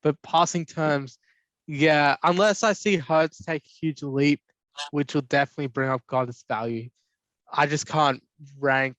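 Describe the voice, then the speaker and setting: A man with a fairly high voice, talking bluntly and easily in casual podcast chat. His sound is close and dry. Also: fairly even intonation, a little slow, a bit bright, no room sound, rough recording. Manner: blunt, laid-back, swears casually. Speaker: podcast co-host.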